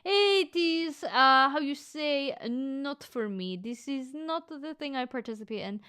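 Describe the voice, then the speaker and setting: A Scottish woman chatting casually on a live stream as she reads chat, playful and quick to laugh, with the odd swear word. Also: high voice, expressive, a bit bright. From Scotland. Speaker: VTuber streamer reading chat.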